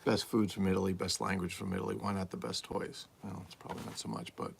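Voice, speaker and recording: A man's voice: sits low, fast, gravelly, a little hiss or hum. A man talking casually and bluntly as he unboxes vintage toys, rambling and swearing freely. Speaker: toy collector vlogger.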